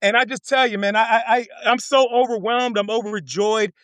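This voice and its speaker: Fired-up man, high bright voice. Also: fairly even intonation, a little fast, clear, resonant tone, no echo. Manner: passionate, repeats himself, swears. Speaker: congressional candidate guest. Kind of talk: fired-up casual talk.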